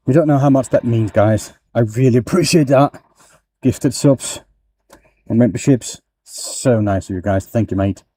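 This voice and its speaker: A man's voice: mid-range voice, unhurried, mellow, a little hiss or hum. A man hosting a live woodturning stream from his workshop, talking casually and thanking viewers with effusive gratitude and frequent sighs. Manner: effusively grateful, sighing often. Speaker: woodturning livestream host. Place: home workshop.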